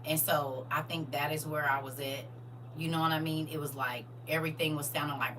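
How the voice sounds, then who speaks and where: A woman hosting a casual livestream, chatting to viewers as "y'all" and answering their comments aloud, with expressive swings from hushed to loud. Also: low voice, brisk, slight background noise. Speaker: livestream host.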